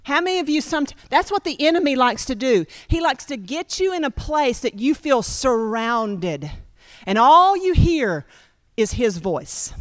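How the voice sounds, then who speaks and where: High-voiced woman preaching a sermon. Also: normal speed, no echo, clean studio sound. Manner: animated, repetitive, addresses congregation directly.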